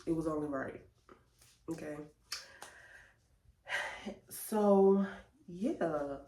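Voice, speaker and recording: A woman telling a chatty, animated story to her viewers. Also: low voice, drawn-out words. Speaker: vlogger. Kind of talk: casual storytelling vlog. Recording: roomy echo.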